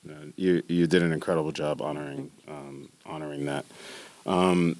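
A man's voice: very deep voice, moderate pace, darkish tone, dry recording. A man interviewing a guest, asking questions with some hesitation and fillers. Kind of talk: interview conversation.

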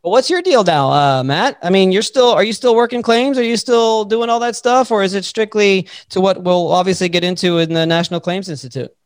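A man hosting a podcast, telling a story in a lively, casual way and swearing freely. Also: high-pitched, a little fast, hardly any pauses, no room sound, studio quality. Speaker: podcast host.

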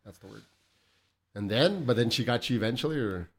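A man's voice: mid-range voice, lively intonation, brisk. A man hosting a podcast, asking questions in a laid-back way, cursing and laughing often. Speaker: podcast host. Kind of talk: casual podcast interview.

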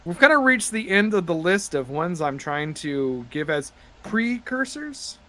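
A man narrating and chatting as game master on a tabletop podcast, rambling with many fillers and getting excited. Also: high voice, a little slow.

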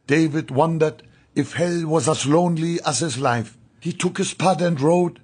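A man narrating an audiobook in a measured, solemn storytelling manner. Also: a little high, darkish tone, husky.

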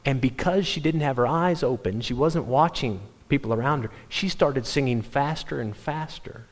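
A man preaching a sermon, telling stories animatedly with quick restarts. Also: mid-range voice. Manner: animated storytelling, self-interrupting restarts. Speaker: pastor. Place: church sanctuary. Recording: long hall reverb.

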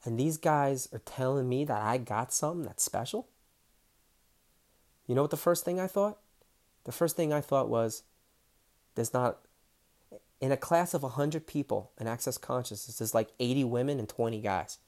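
A man's voice: medium pitch, moderate pace, long pauses, darkish tone. A man telling his personal story candidly, swearing freely and acting out the dialogue. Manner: emotional, close to tears.

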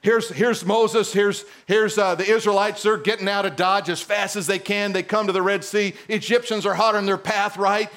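A middle-aged male pastor preaching a sermon in a church, animated and teasing his congregation. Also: sits high, normal speed, hardly any pauses.

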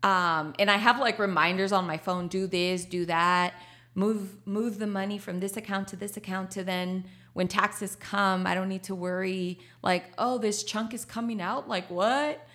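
A woman's voice: medium pitch, little pitch movement, moderate pace, fairly bright tone. A woman, a coffee shop owner talking casually in an interview, laughing often and slipping into Spanish. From Texas.

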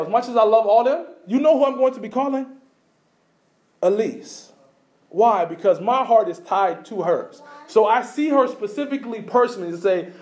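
High-pitched guy preaching, lots of questions to the crowd, loud then soft. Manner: animated preaching with rhetorical questions and repetition; swings between loud emphasis and quiet low asides. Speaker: pastor. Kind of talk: sermon.

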